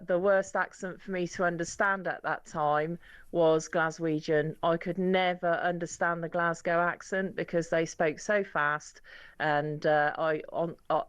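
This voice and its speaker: A woman from England recording a voice note for a radio show. Her voice is smooth and fairly low, and it sounds close and dry, with no room echo. She speaks in a friendly, conversational way. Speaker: listener sending a voice note.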